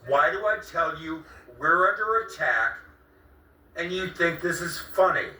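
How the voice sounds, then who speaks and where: A man's voice: a little high, lively intonation, unhurried, pushed and bright, far from the mic. A man with a cracking voice, confronting someone and repeating the same questions again and again in a pleading, exasperated way. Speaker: vlogger confronting a friend. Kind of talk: heated confrontation on camera. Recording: echoey room, voice a bit off-mic.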